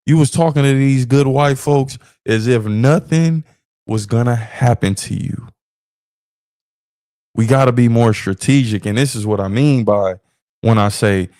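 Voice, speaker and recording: A man hosting a podcast, giving opinionated commentary in an animated way, repeating phrases for emphasis and laughing between points. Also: mid-range voice, measured pace, no echo, studio quality. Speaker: podcast host.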